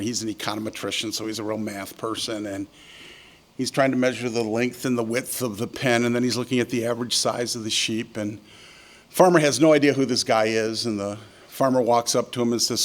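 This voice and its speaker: An older man telling a story from the podium at a keynote. His delivery is folksy and full of ums and uhs. His pitch sits in an ordinary middle range for a man. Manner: folksy storyteller, frequent filler words. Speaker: keynote speaker. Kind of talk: conference keynote speech. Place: yacht club event hall.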